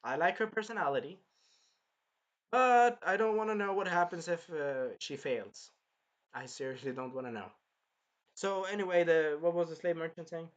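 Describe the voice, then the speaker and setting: Man, anime reviewer, casual chat, a bit high voice, animated, swears. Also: normal speed, lo-fi sound. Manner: animated, swearing, retells scenes in put-on voices.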